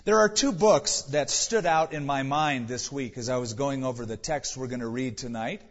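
A man's voice: mid-range voice, moderate pace, long reverb tail. Pastor, male, earnest conversational preacher; dull, muffled recording. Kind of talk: sermon.

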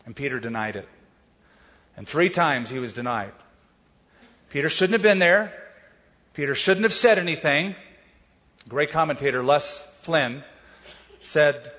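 A man's voice: fairly high pitch, animated, measured pace, pauses often, pushed and bright. A man preaching a Bible sermon in a conversational way, with casual asides and rhetorical questions. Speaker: pastor. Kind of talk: expository sermon. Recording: dull sound with long hall reverb.

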